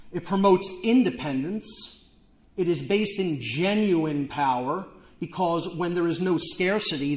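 A man giving a fast-moving, emphatic lecture to an audience at a conference event. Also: a little high, roomy sound, rough recording. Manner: emphatic, declamatory. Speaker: speaker. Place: event hall.

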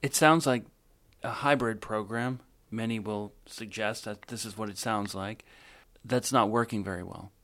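A man interviewing a guest, asking calm, measured questions. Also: lowish voice.

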